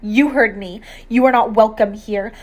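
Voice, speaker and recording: A woman's voice: on the high side, fairly even intonation, moderate pace, lightly acted. A woman voicing an angry, stern middle-aged male farmer in an audiobook, talking in harsh, clipped, threatening bursts. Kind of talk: audiobook character reading.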